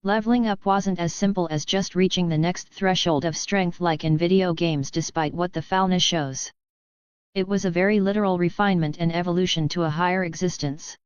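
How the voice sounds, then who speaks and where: A woman reading a web novel aloud in steady, scripted first-person narration. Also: fairly low pitch, a little fast, smooth, dry recording, dull audio. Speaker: audiobook narrator.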